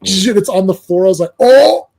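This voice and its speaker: A man hosting a casual movie podcast, talking in an excitable, rambling way with frequent laughs and swearing. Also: high voice, quick pace, husky. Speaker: podcast host. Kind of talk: casual movie review chat.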